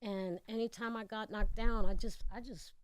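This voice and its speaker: A woman's voice: medium pitch, fairly even intonation, normal speed, clear, resonant tone. A woman with a New York accent, a guest actor telling her story in a blunt, candid way in a casual radio interview. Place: radio studio.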